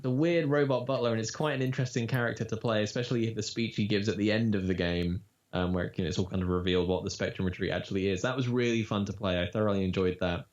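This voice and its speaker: A man who works as a voice actor, talking casually in an interview and telling animated stories, with quick demo voices. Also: lowish voice. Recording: dull lo-fi audio.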